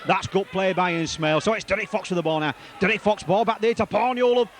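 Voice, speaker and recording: A man giving live rugby league match commentary, excitable and rambling, repeating player names as the play moves. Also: high voice, fast talker, a little hiss or hum.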